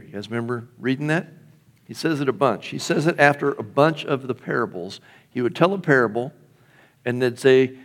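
A middle-aged man preaches to his congregation in an easy, talking manner, stopping often to put questions to them. His voice sits at a moderate pitch for a man. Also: normal speed. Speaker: pastor. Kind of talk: sermon.

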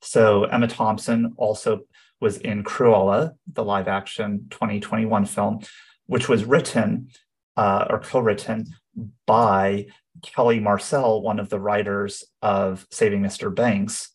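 A man with a low, husky voice co-hosting a podcast. He shares his thoughts in a casual way, with plenty of "um"s and "uh"s as he goes. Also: flat delivery, measured pace. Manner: thoughtful, with frequent fillers. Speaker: podcast co-host. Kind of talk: casual conversational chat.

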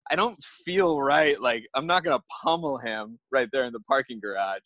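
A man's voice: medium pitch, normal speed, no echo. Dry-sounding man telling a story. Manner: lively, acts out his own thoughts. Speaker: podcast guest. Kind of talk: animated storytelling.

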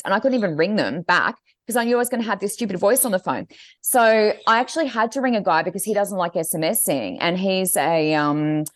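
A woman co-hosting a podcast tells a story in a casual chat. Her pitch swoops widely as she acts out the quoted voices. The sound is dry and close. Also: no room sound. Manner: animated storytelling, acting out quotes. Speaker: podcast co-host.

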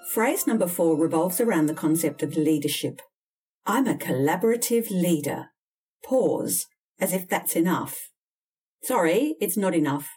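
Direct woman coaching, husky tone. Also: fairly low pitch, warm tone, recorded from a distance. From Australia. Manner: direct, emphatic, candid. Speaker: interview and communication coach. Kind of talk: instructional advice talk.

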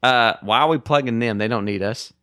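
A man's voice: mid-range voice, fairly quick, fairly bright tone, dry recording, studio quality. A man co-hosting a podcast, chatting casually about board games with playful, joking banter. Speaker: podcast co-host.

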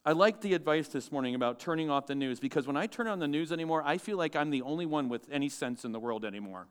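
A man, a pastor, preaching a sermon to his congregation in a church, asking the room questions and rising loud and animated when he quotes scripture. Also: a little high, quick pace, clear, resonant tone.

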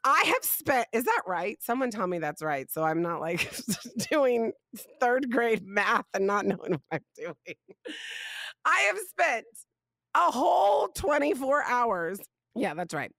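Lively woman telling family stories. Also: on the high side, measured pace, gravelly, no echo. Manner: animated, laughing, rising emphasis on punchlines. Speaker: podcast host. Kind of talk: casual storytelling monologue.

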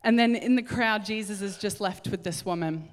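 A woman preaching a sermon, telling a Bible story in an animated way and acting out the voices. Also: medium pitch, moderate pace. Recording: hall reverb.

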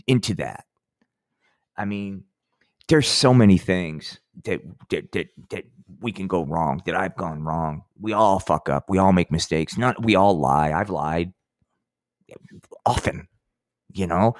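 A man's voice: lowish voice, no echo, studio quality. A middle-aged man hosting a podcast, telling a long profane story in a rambling way and saying "man" often. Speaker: podcast host.

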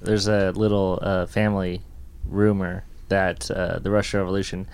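A man's voice: sits low, little pitch movement, normal speed, vocal fry, a little mellow, clear, resonant tone. A man in a casual chat, telling a family story hesitantly with uhs.

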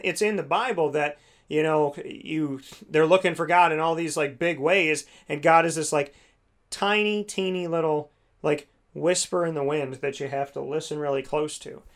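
A man's voice: on the high side, fairly bright tone. A man talking casually about faith and prayer, rambling, with many fillers. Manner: rambling, many "you know"s, restarts.

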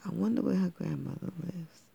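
A parent voicing a smooth-talking male street cat who speaks in slang and wheedles for food. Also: medium pitch, brisk, warm tone, lo-fi sound, heavily acted.

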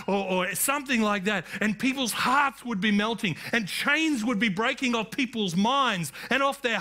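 Man, pastor, sermon, high voice, bright tone, emphatic calls of amen. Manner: emphatic preaching with calls of amen and rising declarations.

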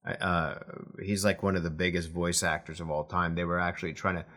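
A man's voice: low voice, little pitch movement, fairly quick, fairly bright tone. A middle-aged man from New Jersey, co-hosting a casual podcast chat and rambling with lots of restarts. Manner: rambling, full of restarts and fillers. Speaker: podcast co-host.

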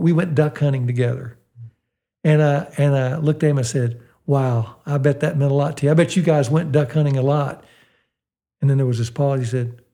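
An older man from the United States, telling stories about fathers and children in a talk, acting out the quoted lines and slowing down for emphasis. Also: mid-range voice, creaky. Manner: animated storyteller, acts out quoted dialogue, slows for emphasis. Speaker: fatherhood speaker and guest. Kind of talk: storytelling talk with a Christian slant.

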